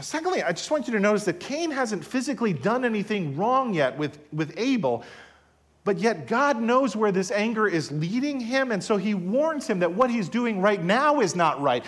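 A male pastor delivers a sermon in a slightly high, very lively voice. He swings between hushed, intimate asides and loud, emphatic rises. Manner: animated preaching with sudden soft drops and loud rises.

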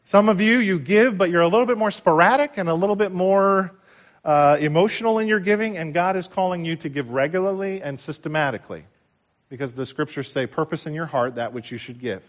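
Guy pastor preaching, kinda higher voice, gets loud then real quiet, repeats stuff for punch. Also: a little fast. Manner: impassioned preaching with big swings from loud to hushed; repeats phrases for emphasis. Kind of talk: sermon.

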